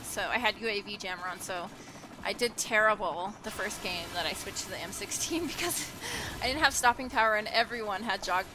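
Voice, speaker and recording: A young woman recording casual gameplay commentary at home, soft-spoken and hesitant, filling pauses with ums and little giggles. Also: mid-range voice, noisy background. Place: at home with her children nearby.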